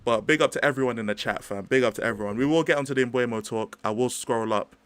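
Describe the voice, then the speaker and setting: A young man hosts a casual football livestream. He rambles in a chatty, slangy way and keeps cutting in with asides to his chat. His voice sits at an ordinary middle pitch. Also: fast talker, a bit bright, smooth, dry recording. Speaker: livestream host.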